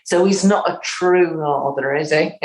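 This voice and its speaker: A woman in her fifties with a Northern English accent, a playwright and actor giving a lively interview and acting out lines of dialogue as she talks. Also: low voice, normal speed, echoey room, poor audio. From North West England. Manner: animated, acts out quotes.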